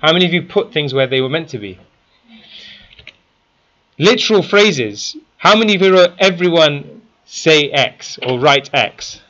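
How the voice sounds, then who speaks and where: A man's voice: on the high side, expressive, measured pace, sharp tone, dull audio. A man teaching a class, constantly quizzing his students with questions. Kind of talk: interactive classroom lesson.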